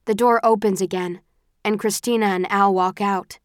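Woman reading a first-person story, even and measured, medium pitch, dry close sound. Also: clean tone, no echo. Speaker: audiobook narrator. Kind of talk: scripted first-person narration.

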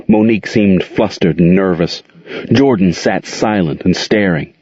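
Very deep-voiced male storyteller. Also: unhurried, a little mellow, slightly rough, dry recording. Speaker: narrator. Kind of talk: storybook reading aloud. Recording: dull lo-fi dry recording.

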